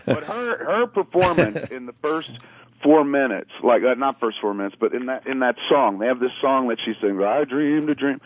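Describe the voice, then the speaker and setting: A man calling in to a radio show, rambling and animated, acting out little quoted voices as he tells his stories. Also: medium pitch, a little fast. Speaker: caller. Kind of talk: casual radio chat. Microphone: phone call. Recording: tinny phone line.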